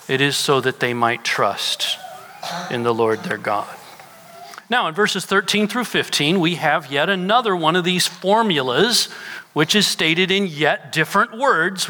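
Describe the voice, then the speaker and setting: A man's voice: on the high side, pushed and bright. A middle-aged man, a pastor, preaching a sermon and asking his congregation questions as he teaches. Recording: long reverb of a large hall.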